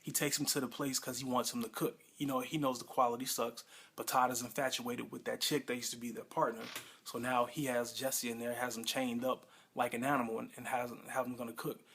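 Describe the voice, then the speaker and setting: A man's voice: medium pitch, level tone, fairly quick, fairly bright tone, husky. A man casually reviewing a TV episode, recapping it in a rambling, plain-spoken way.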